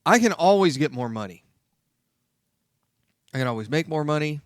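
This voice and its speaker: A man's voice: a little high, animated, normal speed, no echo, studio quality. A man hosting a talk radio show, speaking emphatically and repeating his key points.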